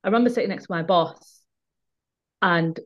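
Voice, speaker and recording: A woman with a lowish voice tells a personal story in an earnest, emphatic way. She often repeats words when the point matters to her. The sound is a bit muffled and dull. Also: moderate pace. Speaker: guest. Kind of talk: candid conversational storytelling.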